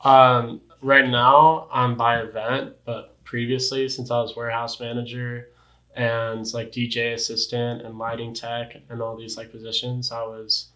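A man's voice: mid-range voice, level tone, measured pace, sharp tone, roomy sound, poor audio. A young man chatting casually as an interview guest, laid-back, full of surfer slang and "like". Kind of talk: casual chat.

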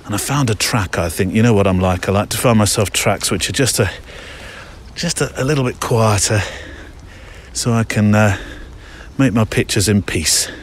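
A man's voice: fairly low pitch, normal speed, pauses often, slight background noise. Chatty man recording on a walk. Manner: chatty, rambling, reads listener emails aloud. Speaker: podcast host. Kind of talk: walking podcast narration. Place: outdoors on a country walk. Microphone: handheld recorder. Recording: faint outdoor ambience.

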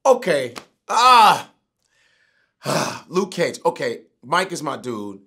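Excitable profane man, bright voice. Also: medium pitch, slow pace, vocal fry, breathy edge. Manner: animated, profane, prone to outbursts. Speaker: guest, comedian. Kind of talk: casual interview chat.

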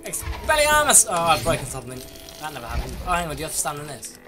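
A man's voice: on the high side, very fast. A man bantering crudely while playing a co-op game. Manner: crude, jokey, swearing often. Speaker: gamer. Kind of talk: casual co-op gameplay banter. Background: loud game music.

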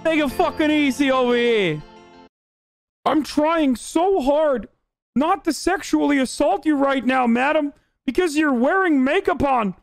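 Comic bit, streamer voicing a lecherous Turkish man: thick mock accent, high-pitched, shouted. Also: a little slow, vocal fry, no echo, faint music behind, exaggerated voice. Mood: brash leering. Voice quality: exaggerated heavy accent, shouting.

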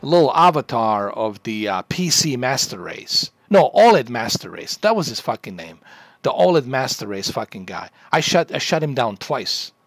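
A man's voice: medium pitch, sing-song, normal speed, breathy edge, no room sound. Boastful rambling male streamer. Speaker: livestreamer. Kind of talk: rambling livestream chat.

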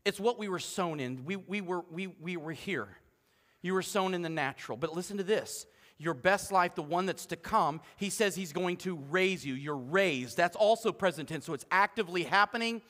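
A middle-aged man, preaching a lively, joking sermon as pastor and swinging between loud calls and hushed asides. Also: high voice, normal speed. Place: church sanctuary. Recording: long hall reverb.

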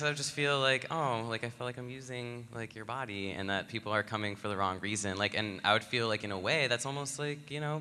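A man's voice: lowish voice, pushed and bright. A man speaking on a live panel in a rambling way, full of "like.". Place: convention hall stage. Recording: echoey hall with faint noise.

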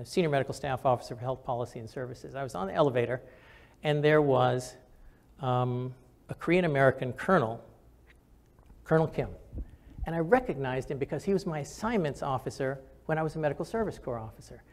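A man's voice: mid-range voice, fairly quick. An older man, a physician and military officer, telling personal stories in a conversational, earnest way with frequent restarts, recorded for camera. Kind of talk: reflective storytelling talk.

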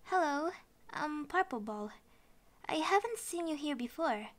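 Small shy boy ball, timid, pleading, highish; woman voicing. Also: lively intonation, measured pace. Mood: friendly. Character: shy imprisoned little male purple ball.

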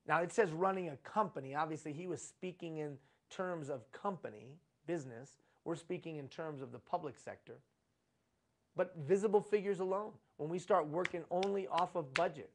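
Preachy man lecturing with repeated emphasis. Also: fairly high pitch. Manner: preachy, repetitive emphasis with rhetorical questions. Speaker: leadership trainer. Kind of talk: live conference lecture. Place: conference room.

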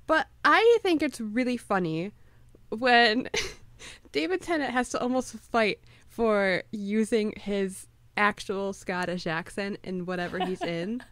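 Bright, playful woman co-host. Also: medium pitch, lively intonation, no room sound. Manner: playful, gushing, quick to laugh. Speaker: podcast co-host. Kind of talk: casual fan chat.

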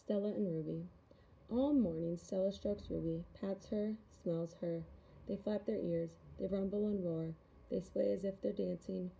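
A woman reading a children's novel aloud in a calm, even narration. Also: mid-range voice, unhurried, gravelly, slight background noise, poor audio. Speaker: reader. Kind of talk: storybook read-aloud.

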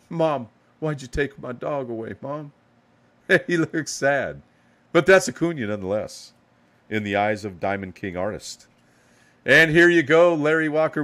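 A man's voice: medium pitch, fairly bright tone. A man hosting a live card box break, hyping each card as he pulls it and giving players playful nicknames. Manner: hype, calls out cards with playful nicknames.

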